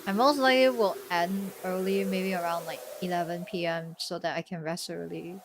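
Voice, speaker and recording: A woman streaming a story game, chatting casually in a worn-out, sick-sounding voice with a flat, deadpan delivery and soft laughs. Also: lowish voice, moderate pace, background noise. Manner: chatty, trails off and restarts, laughs softly.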